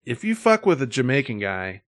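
A man hosts a podcast in loose, casual chat. He rambles through his stories with many fillers. His voice is mid-pitched and recorded dry and close. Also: very animated, normal speed, no room sound. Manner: rambling, filler-heavy storytelling. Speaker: podcast host.

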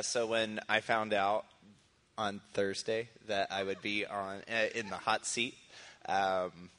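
Lowish bright voiced guy preacher, rambly and hesitant, laid back. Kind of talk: answering questions in church.

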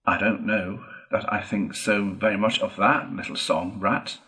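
A man's voice: steady tone, measured pace, pushed and bright. Timid, eager male mole with a raised, soothing voice, as a man reads him. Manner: cautious, soothing, pitched up high.

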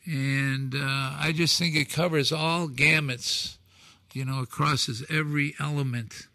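A man in his sixties telling stories as a talk show guest, acting out dialogue with shouted quotes and emphatic delivery. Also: fairly high pitch, fairly even intonation, a little slow, no room sound. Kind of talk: animated storytelling on a talk show.

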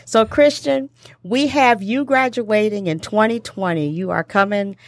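A woman's voice: medium pitch, a little slow, dry recording. Woman, talk show host, chatty, encouraging, laughs often, dry close mic. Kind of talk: casual talk show chat.

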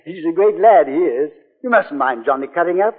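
A breezy, tactless society chap. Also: male voice, a little high, lively intonation, fairly quick. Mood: jovial. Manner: bluff, jolly, blurts things out. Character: breezy chatty upper-class Englishman, tactless. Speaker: visiting old friend. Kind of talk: 1940s radio acting. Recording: tinny old radio broadcast with reverb.

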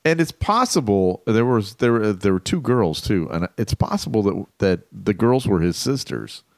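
A man's voice: fairly low pitch, big pitch swings, moderate pace, vocal fry, dry recording, studio quality. A man co-hosting a podcast, chatting casually and joking with loose, trailing sentences. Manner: laid-back, joking, trailing off. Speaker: podcast co-host. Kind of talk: casual chat.

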